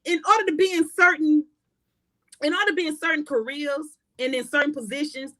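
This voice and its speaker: A woman speaking with fervent, preacher-like conviction on a faith talk show, repeating key phrases and building to shouts. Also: high voice, fairly even intonation, brisk, no echo. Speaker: guest.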